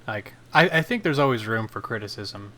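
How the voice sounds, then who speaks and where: A man's voice: on the low side, brisk, a little hiss or hum. A man co-hosting a podcast, chatting casually about games and retelling funny stories with acted-out quotes. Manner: animated storyteller, acts out quotes. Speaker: podcast co-host. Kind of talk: casual gaming chat.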